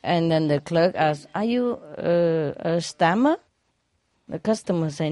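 A woman's voice: sits low, animated, unhurried, background noise. A woman telling a string of jokes to an audience, often laughing at her own punchlines and dropping verb endings. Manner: non-native grammar, drops verb endings. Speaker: joke teller.

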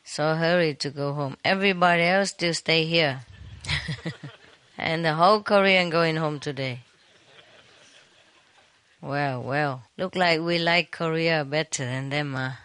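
A woman's voice: deep voice, a little slow, long pauses, fairly bright tone, smooth, dry recording. A woman teacher giving an informal talk to a retreat audience, teasing them playfully with frequent laughter and switching between English and Chinese.

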